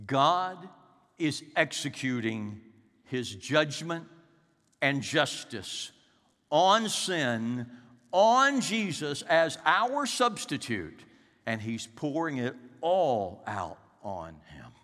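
A male pastor delivers a slow, dramatic sermon, his pitch rising and falling widely as he moves from loud peaks to hushed lows. His voice sits somewhat high and has a bright, forceful edge. A long reverb trails each phrase, as in a church sanctuary. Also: very animated.

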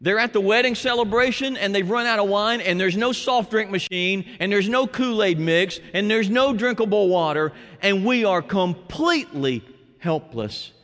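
Male pastor mid-sermon, expressive high voice with long church-hall reverb. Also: moderate pace. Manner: dramatic preaching, dropping to hushed tones and rising to shouts.

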